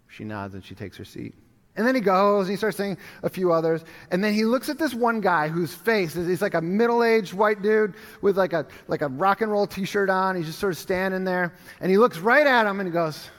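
A male pastor preaching a sermon, telling a story with animated swings from urgent loud appeals to hushed, quiet moments. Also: high voice, brisk, long reverb tail. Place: church sanctuary.

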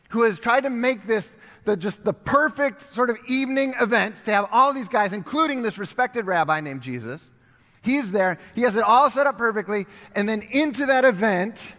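A man's voice: sits high, fairly bright tone, big-room sound. A man preaching a sermon, telling a story and acting out bits of dialogue with casual asides. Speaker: pastor.

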